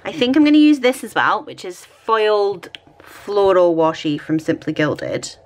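Scottish woman, home crafting vlogger, chatty and self-mocking, animated pitch. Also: unhurried. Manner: chatty, thinking aloud, self-deprecating. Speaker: planner vlogger. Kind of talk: casual chat while decorating a planner.

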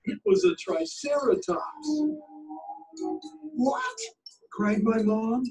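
A male teacher reading a picture book aloud in an expressive, sing-song storytelling manner. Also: on the high side, a little slow. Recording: distant mic with faint music.

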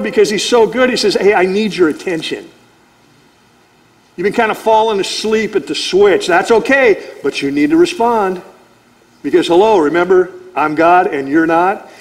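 A male pastor with a fairly high voice teaches through scripture verse by verse. He talks to the congregation conversationally and slips into short acted-out lines of dialogue. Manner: animated, acts out God's voice and conversational asides.

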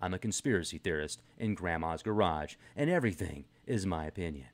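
A man's voice: sits low, brisk. Guy ranting to camera in his garage, sarcastic asides, voice swings up and down a lot. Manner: animated, rambling, sarcastic asides. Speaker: vlogger. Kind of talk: casual rant to camera.

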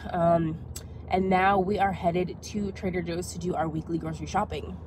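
A young woman vlogger talks casually to her camera, upbeat and chatty with plenty of fillers. Her voice sounds stuffy and congested. Clear traffic and outdoor noise run underneath. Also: lowish voice. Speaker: lifestyle vlogger. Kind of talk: casual vlog chat to camera.

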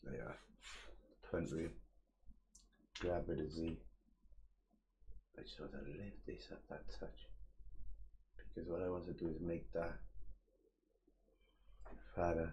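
A man's voice: extremely low pitch, level tone, slow pace, long pauses, mellow, slight background noise. A young man giving a casual live-stream modelling tutorial, muttering his steps aloud, chatting with viewers in slang and swearing freely. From England.

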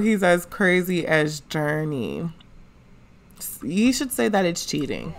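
Female gaming host, relaxed drawl, casual playful narration. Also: on the low side, a little slow. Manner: chatty, slangy, narrates characters' thoughts. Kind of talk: casual let's play commentary.

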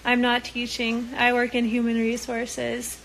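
A woman's voice: fairly high pitch, monotone, measured pace, gravelly, a bit bright, a little hiss or hum, poor audio. A young woman chatting casually with viewers, loose and rambling with frequent ums, sounding tired. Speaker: reality show cast member talking to viewers.

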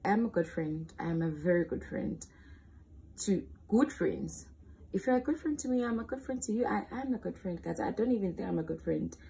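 A woman's voice: mid-range voice, animated, fairly quick, creaky, mellow, breathy edge. A young woman in her late teens with a South African accent, chatting candidly and playfully in a casual question-and-answer vlog. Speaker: vlogger.

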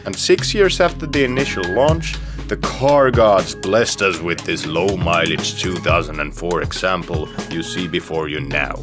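A man hosts a car review in scripted, tongue-in-cheek narration. His voice sits somewhat low. Soft music runs behind him. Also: animated, measured pace. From Finland.

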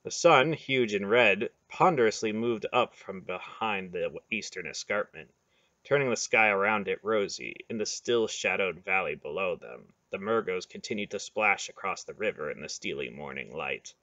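A man reading a fantasy novel aloud in steady, scripted narration. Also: low voice, normal speed, no room sound, highs cut off. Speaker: audiobook reader.

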